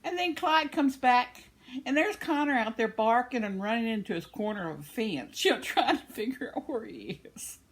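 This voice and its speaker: A woman's voice: a little high, animated, normal speed. An older woman, chatting casually at home, laughing often as she reads comments from her viewers. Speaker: vlogger reading viewer comments. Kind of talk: casual chat. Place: at home, indoors.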